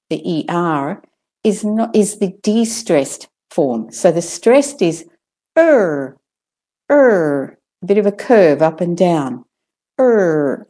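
Australian woman teaching pronunciation, slow and careful, low-ish warm voice. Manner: slow, deliberate, models words repeatedly for copying. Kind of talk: pronunciation lesson.

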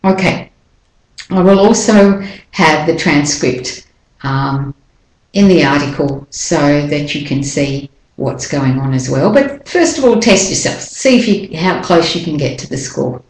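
Slow, low-voiced woman pronunciation teacher. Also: animated. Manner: patient, slows down to model sounds. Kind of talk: explanatory lesson with read-aloud examples. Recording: roomy echo.

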